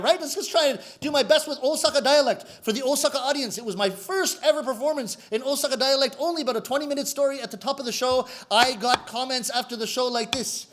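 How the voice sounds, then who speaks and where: High-pitched guy, comedy storyteller, lively, does the voices of people he quotes. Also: fast, few pauses, a little hiss or hum. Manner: animated, acts out quoted voices. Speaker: rakugo comedian. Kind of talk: comic storytelling to camera.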